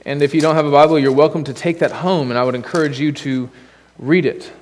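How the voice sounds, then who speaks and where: A man preaching to his congregation in a conversational way, with rhetorical questions and offhand asides. His voice sits a little higher than most men's. The sound carries the long reverb of a church hall. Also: fairly even intonation, fast talker, a little hiss or hum. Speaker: pastor. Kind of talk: sermon. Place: church sanctuary.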